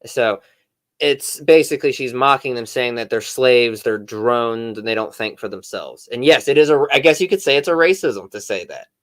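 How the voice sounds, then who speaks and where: A man's voice: mid-range voice, animated, normal speed. A man streamer giving reaction commentary, explaining to chat with dry, sarcastic asides.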